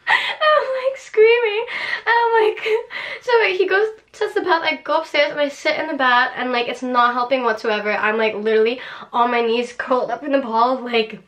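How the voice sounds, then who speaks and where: A young woman with a fairly high voice, chatting on camera in a relaxed, storytelling way. She is animated and breaks into laughter often. Her delivery is casual and unscripted. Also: fairly quick. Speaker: vlogger.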